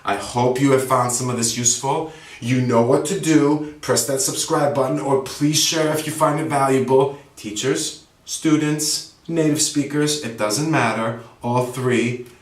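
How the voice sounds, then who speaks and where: Young adult male language teacher, chatty, keeps checking in with the viewer, mid pitch, recorded off-mic in an echoey room. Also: steady tone, a little slow. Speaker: English teacher. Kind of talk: casual spoken lesson. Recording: roomy sound, mic at a distance.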